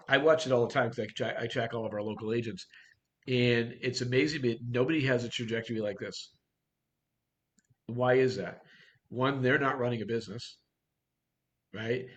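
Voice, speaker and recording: A man coaching real estate agents in a workshop talk, blunt and direct, firing off rhetorical questions. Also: medium pitch.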